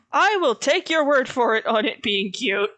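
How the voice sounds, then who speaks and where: A woman's voice: on the high side, fairly bright tone. A woman hosting an art stream, chatting casually with a friend, laughing easily and joking loosely. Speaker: streamer host.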